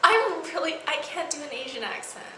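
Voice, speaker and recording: A woman's voice: high-pitched, fairly quick. A young woman chatting casually with a classmate in a vlog, bubbly and talkative. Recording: echoey room with steady background noise.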